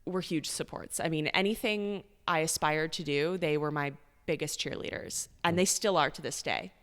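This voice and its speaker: A woman's voice: sits low, normal speed, fairly bright tone, long reverb tail. A young adult woman from Canada, a news reporter, chatting upbeat as a podcast guest. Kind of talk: casual podcast interview.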